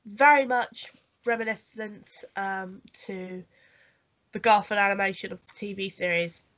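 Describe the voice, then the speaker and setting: A woman's voice: mid-range voice, fairly even intonation, measured pace, a bit bright. A woman with a cold and a nasal voice, co-hosting a podcast in casual chat, rambling with fillers and coughs. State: has a cold. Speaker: podcast co-host. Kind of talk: casual chat reviewing a holiday special.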